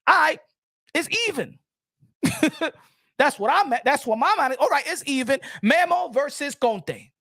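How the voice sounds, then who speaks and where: A man's voice: very high-pitched, expressive, moderate pace, vocal fry, bright, forceful tone, dry recording. Emphatic boxing commentator man, dry sound. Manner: emphatic, repetitive, asks the chat and answers himself. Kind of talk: animated solo commentary to viewers.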